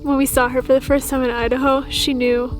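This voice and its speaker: A woman's voice: high voice, flat delivery, a little fast, soft background music. A young woman chatting playfully in a casual travel vlog. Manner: playful, giggly. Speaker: vlogger.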